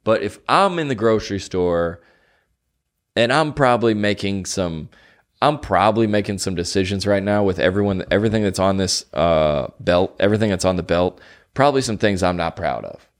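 Young male podcast host, low voice, casual and rambling, animated storyteller. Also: normal speed. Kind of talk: casual chat.

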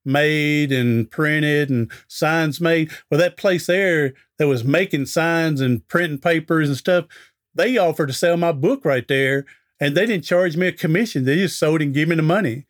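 A man's voice: on the high side, moderate pace. A middle-aged man, a guest on an interview podcast, telling a folksy anecdote in a chatty way and acting out the dialogue. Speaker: interview guest, author and speaker.

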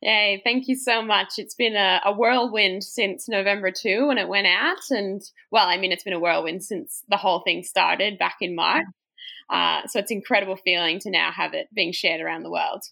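A woman's voice: mid-range voice, fairly even intonation, normal speed, creaky, sharp tone. A young woman in her twenties from Australia, speaking with an Australian accent that has an American twang, talking in an upbeat, rambling way as a podcast guest. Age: 20s. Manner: upbeat, rambling, self-correcting. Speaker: guest, trail runner. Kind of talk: casual podcast interview.

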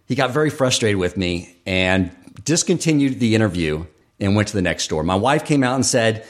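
A man's voice: lowish voice, animated, moderate pace. A man hosting a podcast, talking through his views in an earnest, thoughtful, storytelling way. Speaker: podcast host. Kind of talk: reflective podcast monologue.

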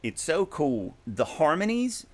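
Animated man chatting about a song. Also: a little high, unhurried. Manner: animated, swears casually, sings snippets. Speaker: podcast co-host. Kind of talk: casual chat about music.

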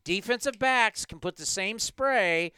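A man's voice: high voice, lively intonation, unhurried, pushed and bright, smooth, no room sound. A man hosting a sports talk show, ranting emphatically with rhetorical questions.

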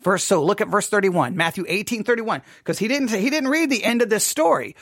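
High-voiced man commenting in a dry room. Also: animated, brisk, hardly any pauses, a bit bright, breathy edge, no echo. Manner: conversational, loose, with restarts. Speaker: host. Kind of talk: casual commentary on a sermon.

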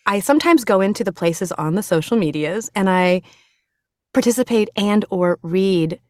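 A middle-aged woman in casual conversation, telling a story fast and with energy and acting out the voices of other people. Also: medium pitch, animated, dry recording, clean studio sound. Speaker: interview guest.

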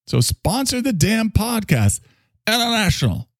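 A man's voice: high-pitched, very animated, fairly bright tone, no echo, full character voice. A man voicing a pompous, bossy male playhouse leader in an improvised comedy bit, stretching his words out grandly. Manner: drawn-out, bossy, grandiose delivery.

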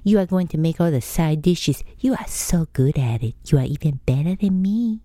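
A woman voicing her doting middle-aged mother, who coaxes and flatters her. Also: deep voice, moderate pace, dry recording, clean studio sound, voice pushed up. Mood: coaxing. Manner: coaxing, flattering.

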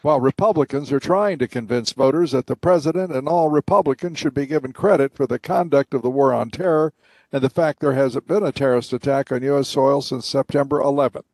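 A man hosting a broadcast, giving commentary in a measured, commanding delivery before praising his guest. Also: medium pitch, a little mellow, no room sound. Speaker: host.

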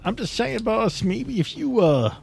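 A man's voice: high-pitched, big pitch swings, unhurried, gravelly, a little mellow, husky. A man playing a tabletop game, speaking in character with wry jokes. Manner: wry, joking. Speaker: player. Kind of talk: in-character tabletop role-play.

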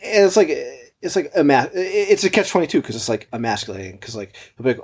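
A man's voice: mid-range voice, lively intonation, brisk, darkish tone, breathy edge. A man in his thirties casually telling a long, profane story, with frequent laughs, as a podcast co-host. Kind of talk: casual chat.

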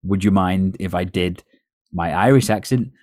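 A low-voiced man with a North West English accent hosts a casual podcast chat. He tells stories at length, laughing now and then. The sound is dry and close. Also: normal speed, darkish tone, no echo. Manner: storytelling, chatty with laughs. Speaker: podcast host.

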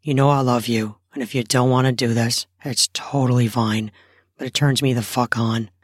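A woman voicing a grown husband who coaxes and reassures his wife in a low, soft voice, in improvised erotic storytelling. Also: steady tone, normal speed, no echo, studio quality. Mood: coaxing. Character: husband Jasper, a coaxing, reassuring grown man.

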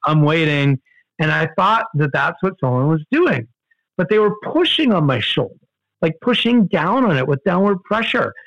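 A man telling a story in casual conversation, animated, with many fillers and restarts. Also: normal speed, vocal fry, dry recording, lo-fi sound. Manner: animated, jumps in pitch for quoted outbursts, many fillers and restarts. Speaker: guest storyteller.

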